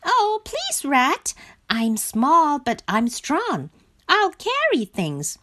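A woman voicing a small, eager young male frog who pleads and whines in a high, excited voice. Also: extremely slow, heavily acted. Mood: eager, pleading.

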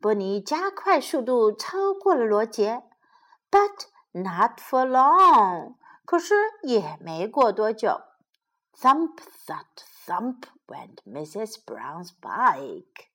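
A woman teacher reading a children's storybook aloud in English and then retelling it, slow, clear and expressive. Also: a little high. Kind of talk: bilingual storybook read-aloud for kids.

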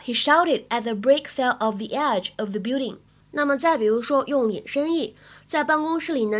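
A woman's voice: on the high side, a little fast. A woman English teacher, explaining phrases to students in a chatty way, often checking in with "right?".

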